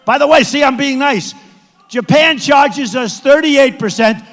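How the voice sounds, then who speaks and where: A man with a high-pitched voice gives a boastful campaign rally speech in a large indoor arena, repeating himself and often rising to a shout. His words ring out through a PA with a long echo. It sounds like a podium microphone in a big room. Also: measured pace, soft background music. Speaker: political candidate addressing supporters.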